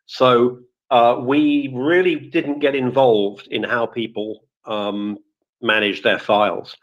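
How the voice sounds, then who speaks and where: A man's voice: medium pitch, steady tone, slow pace. A man in a casual live audio-room chat who rambles and corrects himself, with many fillers, speaking as a former office IT worker. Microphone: computer or phone mic in a live audio room. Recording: dull lo-fi online audio-room stream.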